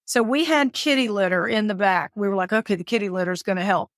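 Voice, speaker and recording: A woman from the southern United States tells her story as a podcast guest, animated and dramatic, and her voice leaps high whenever she acts out what someone said. Her pitch sits mid-range for a woman, and the recording is dry and close with no room sound. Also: a little fast, no room sound. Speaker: guest, caregiver and author. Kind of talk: storytelling interview.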